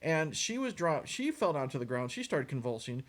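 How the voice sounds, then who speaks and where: A man with a slightly high voice, talking fast and loose in a casual movie rant. He is sarcastic and exasperated, swears freely and mocks what he watched. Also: big pitch swings. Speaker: movie reviewer.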